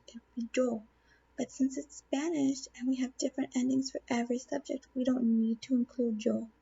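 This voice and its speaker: A woman's voice: a little high, little pitch movement, normal speed, vocal fry, dark tone, breathy edge, muffled recording. A woman teaching a Spanish grammar lesson on video, patiently asking questions and answering them herself. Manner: patient, asks and answers her own questions.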